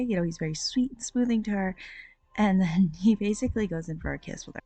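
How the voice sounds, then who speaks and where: Chatty woman reviewing books, lower voice. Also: moderate pace, a little mellow, dry recording. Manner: chatty, rambling, with many fillers. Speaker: book review host. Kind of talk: casual book review chat.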